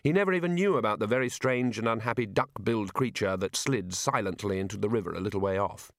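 A man narrating an audiobook in a wry, expressive storytelling manner. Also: fairly low pitch, fast talker, dry recording, clean studio sound. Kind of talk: scripted narration.

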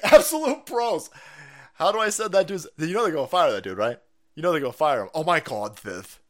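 A man hosting a livestream, giving loud, crude, cackling commentary on video clips. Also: fairly high pitch, very animated, fairly quick. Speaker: livestream host.

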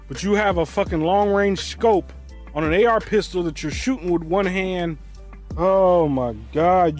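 A high-pitched man hosts a reaction show, ranting loud and animated with his voice swinging widely and swearing freely throughout his commentary. Faint music plays behind him.

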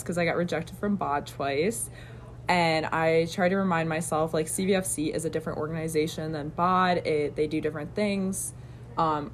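Relaxed young woman, lower voice. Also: slight background noise. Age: young adult. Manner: relaxed, reflective, with soft laughs. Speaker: student club member. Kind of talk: casual podcast chat.

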